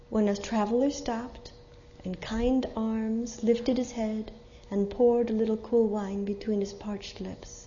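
A woman reads a story aloud with expressive, dramatic delivery. Her voice is fairly high and mellow, and the recording sounds muffled and lo-fi. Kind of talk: storybook reading.

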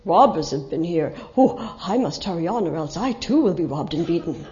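A timid man on the road, anxious and eager to flee, as a woman acts him out in a storybook. His voice drops lower and comes out loud and worried, and the recording is muffled. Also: animated, normal speed, lightly acted. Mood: fearful. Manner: fearful, anxious murmuring. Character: fearful male traveler, timid.

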